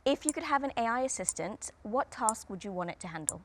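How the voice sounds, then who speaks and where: A woman hosting a quick-fire quiz, asking questions in an upbeat way. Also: fairly high pitch, lively intonation, a bit bright, slight background noise. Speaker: host.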